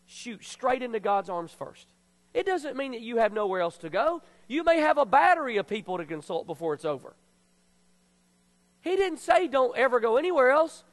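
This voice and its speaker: A man preaching a sermon as pastor, passionate and then quiet and confessional. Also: very high-pitched. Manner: emotional, confessional preaching that drops to a hush. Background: soft piano music.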